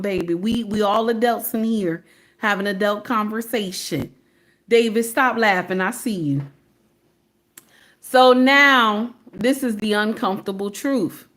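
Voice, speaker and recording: A woman in her forties with a Southern US accent, talking casually and preachily on a livestream and calling her viewers "baby". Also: on the high side. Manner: preachy, sassy, talks straight to viewers with "baby" and "okay?". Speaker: livestream host.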